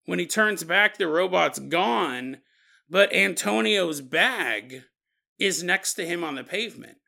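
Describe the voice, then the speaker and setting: A man's voice: high voice, animated, takes it slowly, creaky, pushed and bright. A man hosting a podcast, telling a strange story with jokey asides and frequent chuckles. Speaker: podcast host. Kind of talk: comedic paranormal storytelling.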